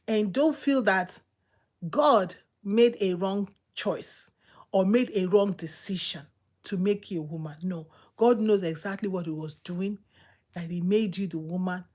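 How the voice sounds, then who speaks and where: A woman preaching a sermon in an emphatic, repetitive, exhorting manner, swinging between loud outbursts and low murmurs.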